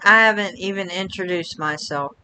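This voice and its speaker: A woman's voice: fairly low pitch, normal speed, sharp tone, slight background noise, poor audio. A woman reading out a gushing young female street magician in a flowery, overly sweet manner. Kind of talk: reading game dialogue aloud.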